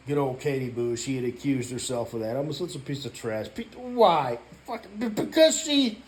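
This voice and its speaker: A man ranting in a casual vlog, rambling and profane, filling every gap with "you know" and now and then breaking into loud shouting. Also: mid-range voice, slight background noise. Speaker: YouTuber.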